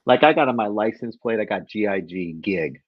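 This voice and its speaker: A man's voice: fairly low pitch, lively intonation, moderate pace, no room sound, dull audio. A man, a podcast guest, telling stories in a chatty way and laughing along. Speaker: podcast guest, company head. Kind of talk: casual storytelling.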